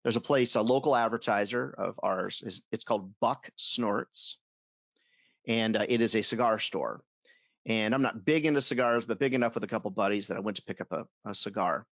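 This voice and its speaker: A man leading a sales webinar for advertising reps, telling stories in an animated, self-amused way. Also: fairly low pitch, normal speed, dry recording. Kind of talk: webinar talk.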